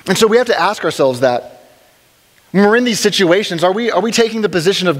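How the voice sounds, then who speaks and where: A man leads a church class in an easygoing, conversational manner, slipping in humorous asides and repeating himself as he gathers his thoughts. His voice sits somewhat high for a man. A long reverb from the church hall trails behind every phrase. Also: lively intonation, fast talker. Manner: casual, joking asides, frequent restarts. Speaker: Bible study teacher.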